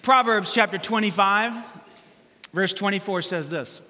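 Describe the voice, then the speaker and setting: A man preaching a sermon as pastor, animated and humorous, acting out quotes from everyday life. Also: high-pitched, unhurried, long reverb tail.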